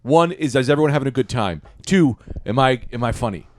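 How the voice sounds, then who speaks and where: A man's voice: medium pitch, a little fast. A man co-hosting a comedy podcast, telling stories and acting out the quotes in his talk. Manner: animated storyteller acting out quotes. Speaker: podcast co-host. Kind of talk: casual comedic chat.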